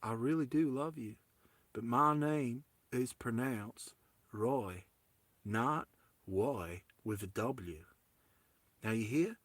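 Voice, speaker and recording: A man voicing a doting Southern American man with a slow drawl, who keeps pressing his point with affection. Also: mid-range voice, fairly bright tone, no echo, pitched below the performer's own voice, lightly acted. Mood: doting, insistent. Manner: insistent, affectionate.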